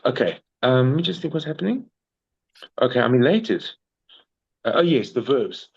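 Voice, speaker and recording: A man with a South African English accent tutoring Spanish one-on-one in a casual, slangy, animated way. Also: medium pitch, moderate pace, creaky, slightly rough, highs cut off. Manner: slangy and animated, calls people bro. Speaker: Spanish teacher.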